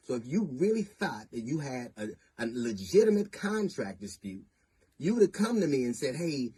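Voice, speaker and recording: Husky middle-aged man, emphatic and aggrieved. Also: medium pitch, a little mellow. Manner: deliberate and emphatic, building to indignant. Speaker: comedian. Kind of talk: public statement answering accusations.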